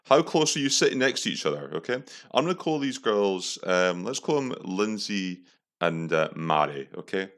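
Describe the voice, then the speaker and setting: A man's voice: low voice, very animated, moderate pace, a bit bright. A young man hosting a podcast, reacting to adverts in a profane, incredulous, mocking way. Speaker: podcast host. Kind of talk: casual commentary.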